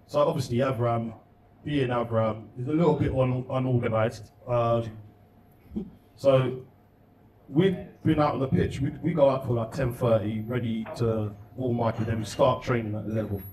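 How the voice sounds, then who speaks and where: A man's voice: mid-range voice, steady tone, unhurried, a little mellow, a little hiss or hum. A middle-aged man, a former footballer telling casual, slangy anecdotes as a guest, often laughing while he talks. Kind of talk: casual storytelling. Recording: roomy sound, distant mic.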